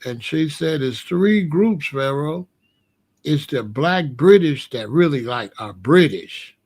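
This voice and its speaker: A man with an African American accent talks casually as a commentary host, rambling and retelling his conversations with lots of repeats and restarts. He speaks slowly, in a somewhat high voice. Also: a little mellow.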